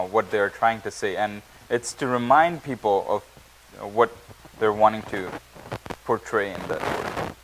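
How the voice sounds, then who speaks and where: A man with a lowish voice teaches a Bible study group in a church classroom, stopping often with fillers and restarting words. A faint hiss runs under the recording. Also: rough recording. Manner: halting, many fillers and restarts.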